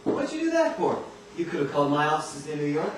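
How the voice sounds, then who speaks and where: A man's voice: on the high side, fast talker. A young man playing an eager, coaxing male Hollywood producer on a school stage. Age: teens. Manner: lively, coaxing, showy. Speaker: student actor in a school play. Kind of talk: stage acting. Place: school stage before an audience. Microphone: far camera in the hall. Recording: echoey stage recording, far off, noisy.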